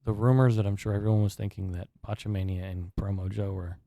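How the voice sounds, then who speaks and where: A man's voice: fairly low pitch, fairly even intonation, fast, warm tone, no room sound, clean studio sound. A man co-hosting a podcast in casual chat, rambling and swearing freely as he rants. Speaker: podcast co-host.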